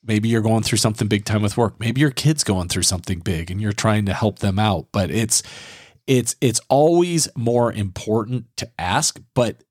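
A man co-hosting a podcast, telling work stories in a relaxed, earnest conversational way. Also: lowish voice, moderate pace, no echo, studio quality. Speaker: podcast co-host.

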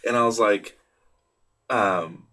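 A young man with a lowish, bright, forceful voice talks slowly on his own solo podcast, close to a studio mic in a small booth. He rambles with lots of "um"s and restarts, swearing freely and poking fun at himself.

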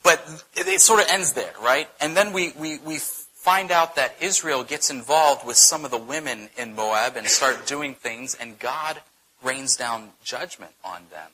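A man teaching a Bible study, telling the story in a conversational, animated way, often checking in with "right?". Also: medium pitch, measured pace, husky, low-quality recording.

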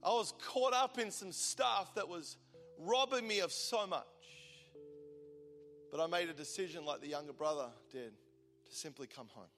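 A man in his forties preaching a sermon in a large church, shifting between fervent declarations and quiet, intimate appeals. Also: on the high side, normal speed. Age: 40s. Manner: impassioned, swinging from loud declaration to hushed intimacy. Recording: large hall reverb with soft music behind.

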